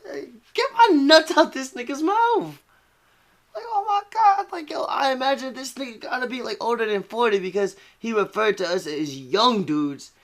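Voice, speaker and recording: Man, high pitch, profane, mocking, rambling rant commentary. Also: a bit bright.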